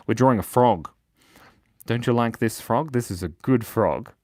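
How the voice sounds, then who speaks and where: A man's voice: medium pitch, normal speed, a little mellow, no echo, clean studio sound. A man hosting a live children's drawing lesson, playful and jokey, reading viewers' chat aloud as he draws. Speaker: drawing show host.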